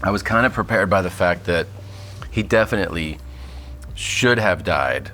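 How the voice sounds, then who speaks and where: A man's voice: sits low, lively intonation, normal speed, bright, forceful tone, a little hiss or hum. A man being interviewed as a guest comedian, telling casual, matter-of-fact stories and laughing often as he talks. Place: kitchen studio.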